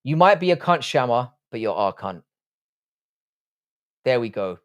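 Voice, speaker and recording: A man's voice: mid-range voice, very animated, unhurried, dull audio. Foul-mouthed man bantering on stream. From England. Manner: profane mock-insult banter. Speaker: live streamer. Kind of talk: casual live-stream chat, reading out chat.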